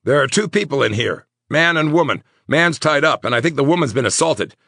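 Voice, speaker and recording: A man voicing a police officer in an audiobook, reporting in rapid, clipped lines. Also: mid-range voice, animated, creaky, a bit bright, no room sound, clean studio sound, pitched above the performer's own voice. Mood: urgent.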